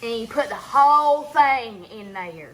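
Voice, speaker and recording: Playful, slow-talking young woman cooking. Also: fairly high pitch, animated, fairly bright tone, a little hiss or hum. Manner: playful, jokey, slow-spoken. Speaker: cooking helper. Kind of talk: casual home cooking video. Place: home kitchen.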